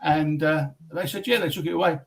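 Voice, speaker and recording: A man's voice: on the high side, steady tone, fairly quick, creaky, rough recording. An English man, a guest on a casual chat stream, telling stories with lots of ums and restarts. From England. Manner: rambling, hesitant storyteller with many ums.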